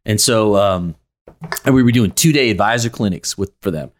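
A man co-hosting a podcast and coaching a sales team, talking in a relaxed, reflective way with frequent "um"s. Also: lowish voice, normal speed. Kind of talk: casual podcast chat.

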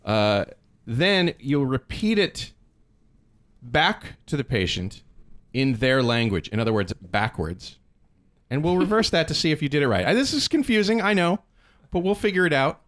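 Lively male podcast host. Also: a little high, normal speed. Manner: lively, rambling, restarts often, laughs. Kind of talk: casual group chat, running a game.

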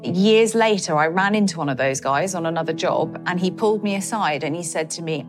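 Halting, low-voiced woman giving testimony. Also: music in the background. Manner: halting, emotional, many fillers. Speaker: interviewee recounting a personal account. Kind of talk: emotional testimony interview.

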